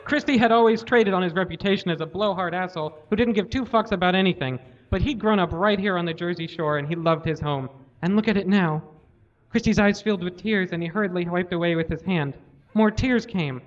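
Casting: male comedy host, deadpan live reader, high voice, lo-fi audio. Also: a little fast. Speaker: comedy podcast host reading aloud. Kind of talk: live reading of fan fiction. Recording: lo-fi live recording.

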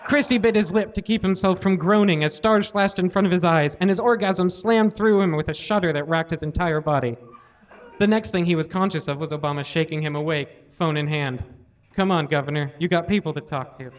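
Casting: male comedy host, deadpan live reader, high voice, lo-fi audio. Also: fairly quick. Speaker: comedy podcast host reading aloud. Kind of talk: live reading of fan fiction. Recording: lo-fi live recording.

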